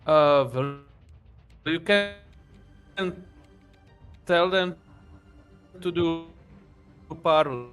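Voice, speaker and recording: A man's voice: fairly high pitch, very slow, pauses often, a bit bright, smooth, soft background music. A man, a developer guest on a game livestream, explaining patiently in a casual manner.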